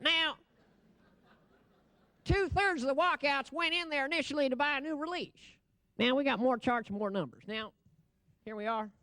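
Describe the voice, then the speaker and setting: A man's voice: very high voice, moderate pace, long pauses, sharp tone, no room sound. A man giving a comic, ad-libbed stage presentation at a convention. He talks into a podium microphone, rambles brashly and laughs at his own jokes.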